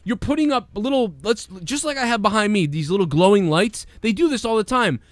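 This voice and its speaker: Animated male co-host, high-pitched, dry close recording, rants and swears. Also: a little fast, dry recording. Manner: animated, mocking impressions, swearing. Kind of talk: casual review chat. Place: room with glowing lights behind.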